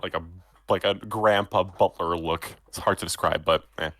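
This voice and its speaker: A man narrating as game master of a tabletop role-playing game, relaxed and meandering with frequent ums. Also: deep voice, moderate pace, dry recording.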